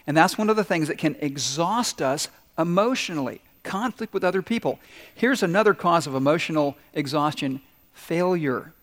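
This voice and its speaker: A man's voice: a little high, expressive, normal speed, fairly bright tone, in a large hall. A male pastor preaching a sermon, telling stories with acted-out quotes and putting questions to the congregation.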